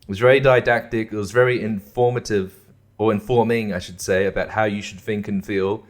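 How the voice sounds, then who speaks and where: A man's voice: on the low side, steady tone, a little fast. A young man hosting a podcast, ranting casually about films in a profane, sarcastic way and laughing often. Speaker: podcast host. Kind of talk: casual rant.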